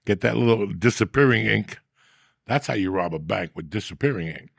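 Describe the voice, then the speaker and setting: A man with a low, gravelly, husky voice holds forth as a comedy podcast host. He rambles from one profane story to the next in loose, crude banter. The sound is close and dry, with no room behind him. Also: expressive, a little fast, dry recording.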